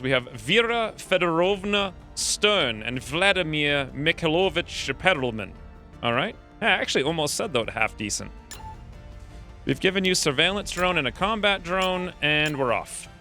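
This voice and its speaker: Give me a man with a bright, clear voice giving upbeat let's play commentary on a strategy game. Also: on the high side, expressive, moderate pace, faint music behind. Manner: casual, upbeat, explains as he plays. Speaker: gaming channel host.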